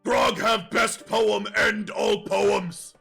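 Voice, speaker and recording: A man doing a boastful shouting orc poet. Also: high voice, little pitch movement, very slow, creaky, soft background music, voice pushed up, full character voice. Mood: bellowing proud. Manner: shouting in clipped third-person grunts. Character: big burly boastful male orc poet.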